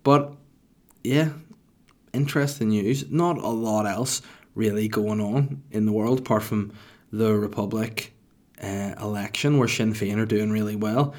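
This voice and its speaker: A man's voice: on the low side, a little slow, darkish tone. A young man with a Northern Irish accent rambling profanely through a casual podcast monologue. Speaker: podcast host.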